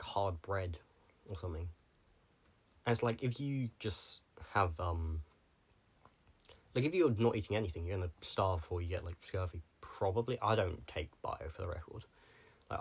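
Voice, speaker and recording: A young man talking casually to the camera, rambling from one tangent to the next with lots of filler words. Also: lowish voice. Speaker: vlogger.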